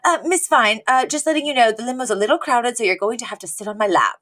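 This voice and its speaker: A man's voice: very high-pitched, quick pace, bright, forceful tone, voice pushed up. A woman voicing a formal male employer who hesitates, then makes a cheeky suggestion. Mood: flirty. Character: flirtatious stiff male employer.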